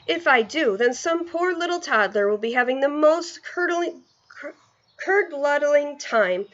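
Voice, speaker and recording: A woman's voice: on the high side, fairly bright tone, lo-fi sound, voice pushed up. A woman reading a storybook aloud, voicing a big kindly male giant who talks in muddled, rustic grammar.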